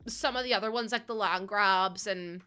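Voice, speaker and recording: A young woman streaming a game, chatting casually and rambling to her chat with giggles and sudden excited bursts. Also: medium pitch, normal speed, clean tone. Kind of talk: casual live-stream chat while playing.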